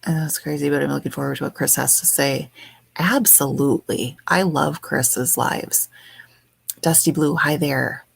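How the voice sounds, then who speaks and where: A woman hosting a livestream, greeting her viewers one by one in soft, affectionate, rambling chat from home. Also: low-pitched, fairly even intonation, normal speed, vocal fry, breathy edge, no echo. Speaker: livestream host.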